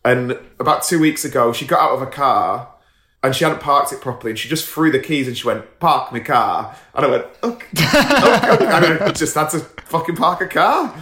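A man telling stories in a casual podcast chat, animated, laughing often and acting out the voices of people he talks about. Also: medium pitch, a little fast, echoey room. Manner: swears casually. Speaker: guest storyteller.

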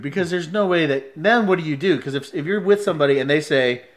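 A man in a casual chat, telling a story in an animated way, laughing often and acting out quoted lines. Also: a little high, quick pace, few pauses.

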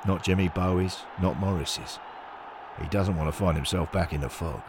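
A man narrating a scripted story in a measured storytelling manner. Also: low-pitched, noisy background.

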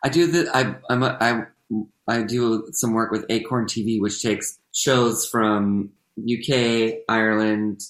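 An actor talks in a loose, rambling way, full of "like"s and restarts. The voice sits at a middling pitch, and the room gives it a noticeable echo. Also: fairly even intonation, a little slow. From United States. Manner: chatty, rambling, many restarts and "like"s. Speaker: guest, actor. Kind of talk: casual podcast chat. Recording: roomy echo.

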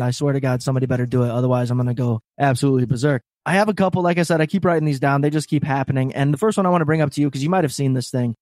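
A man co-hosting a comedy podcast in loose, profane banter, laughing as he goes. His voice sits a little high for a man. The sound is close and dry, with no room around it. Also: no echo. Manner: animated, profane, laughs a lot. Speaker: podcast co-host. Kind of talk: casual comedy podcast chat.

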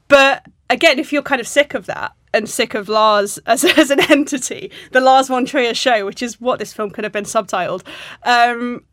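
Young woman on a film podcast, higher voice, laughs a lot, dry close mic. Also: normal speed, no echo. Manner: animated, laughs often, quotes lines in put-on voices. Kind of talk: casual film discussion.

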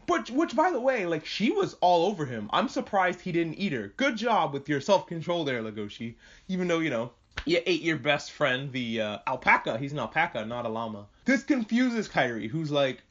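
Animated swearing man recapping anime. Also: high voice, muffled recording. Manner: animated, swearing, quick asides and mock voices. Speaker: podcast host.

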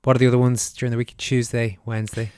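An Irish man hosting a podcast in a relaxed, chatty way, laughing easily. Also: medium pitch, quick pace, clean tone, dry recording, clean studio sound. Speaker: podcast host. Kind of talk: casual podcast chat.

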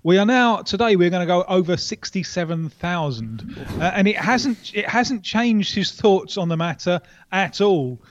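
A man reporting down a line as a football correspondent, talking in a wry, animated way with many restarts. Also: high voice, moderate pace, dull audio, a little hiss or hum. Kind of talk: radio interview.

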